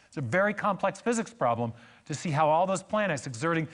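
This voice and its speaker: A man's voice: fairly high pitch, expressive, fast, fairly bright tone. A man giving a church lecture on science and faith, telling stories with emphatic repetition and joking asides.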